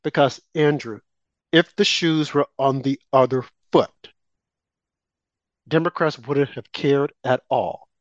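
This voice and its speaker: A man's voice: mid-range voice, slow pace, dry recording. Heated man, dull dry lo-fi sound. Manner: emphatic, heated, addresses co-host directly. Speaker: co-host of political talk show. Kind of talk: opinionated political commentary.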